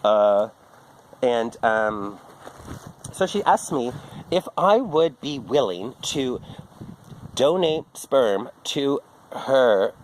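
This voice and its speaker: A man's voice: mid-range voice, expressive, drawn-out words, long pauses, a little hiss or hum, low-quality recording. A middle-aged man, rambling through a casual, profane monologue full of restarts and asides. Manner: rambling, profane, self-interrupting. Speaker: vlogger.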